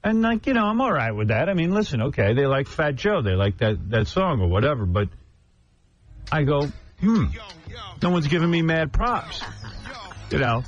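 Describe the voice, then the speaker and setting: A man hosting a radio talk show, spinning an animated story and slipping into other people's lines as he quotes them. His voice sits at an ordinary pitch. The broadcast sound is a little dull and muffled. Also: a little fast, faint music behind. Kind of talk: casual talk radio banter.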